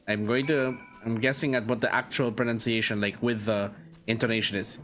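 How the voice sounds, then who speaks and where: A man's voice: medium pitch, level tone, fairly quick, a bit bright. A male streamer chatting casually while playing, musing aloud with fillers. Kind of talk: casual gameplay commentary. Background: faint game music.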